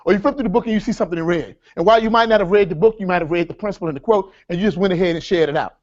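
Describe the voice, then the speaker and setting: A man leading a live workshop seminar, energetic and repetitive, with a preacher-like cadence as he addresses the audience as folks. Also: sits high, rapid-fire, dull audio. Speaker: workshop speaker.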